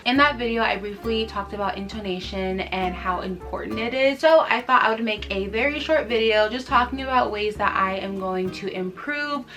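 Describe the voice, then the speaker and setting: Bright-voiced, chatty young Californian woman. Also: medium pitch. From United States. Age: 20s. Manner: chatty, giggly, self-mocking. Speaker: language-learning vlogger. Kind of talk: casual chat to camera.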